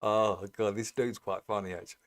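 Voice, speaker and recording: A man's voice: fairly low pitch, fairly even intonation, fairly quick. A man chatting casually as he reacts to a video, amused and laughing easily.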